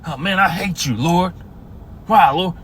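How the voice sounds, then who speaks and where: A man's voice: high voice, unhurried, a bit bright, slight background noise, voice pushed up. A man mimicking a petulant, sulky man who stammers and whines in self-pity. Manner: stammering, whining.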